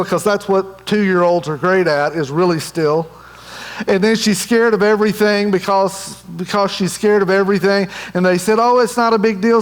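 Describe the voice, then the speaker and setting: Middle-aged pastor guy telling a story from the pulpit, higher voice, big echoey church sound. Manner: animated, acts out quoted voices. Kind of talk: sermon storytelling. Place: church sanctuary.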